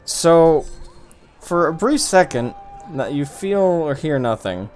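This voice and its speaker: A man narrating as game master of a tabletop game, talking in halting bursts with frequent restarts. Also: a little high, animated, darkish tone, faint music behind. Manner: halting, many restarts and fillers.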